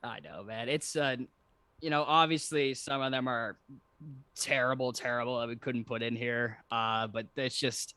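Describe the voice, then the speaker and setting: A man's voice: medium pitch, fairly even intonation, normal speed, bright, forceful tone, clear, resonant tone, no room sound. A man co-hosting a podcast in casual chat, laughing often and acting out quoted lines in voices. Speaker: podcast co-host.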